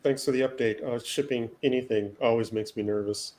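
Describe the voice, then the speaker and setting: A man's voice: mid-range voice, fairly even intonation, a little fast, a little mellow, a little hiss or hum. A man co-hosting a casual chat, laid-back and self-mocking. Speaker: podcast co-host.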